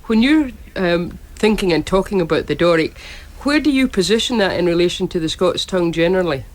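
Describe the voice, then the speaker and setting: A woman hosting a radio panel discussion and phone-in, briskly steering callers and guests with probing questions. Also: lowish voice, lively intonation. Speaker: radio host.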